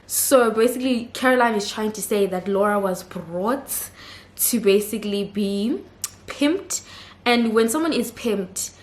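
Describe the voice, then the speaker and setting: A woman's voice: mid-range voice, measured pace. Chatty woman in echoey room. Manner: chatty and expressive, laughs readily. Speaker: reality TV reviewer. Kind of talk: casual episode recap.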